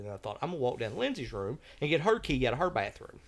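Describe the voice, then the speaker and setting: A man's voice: mid-range voice, big pitch swings, quick pace, hardly any pauses. A man telling a travel story on a podcast in a folksy, drawling way, acting out the voices he quotes. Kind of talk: casual storytelling.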